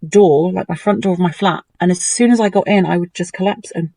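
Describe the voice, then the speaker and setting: A woman's voice: brisk, dry recording. A woman talks as a guest, her voice swinging up and down as she relives hard memories. The sound is dry and close, with no room around her. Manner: animated and emotional, lively pitch swings. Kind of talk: personal storytelling in a conversation.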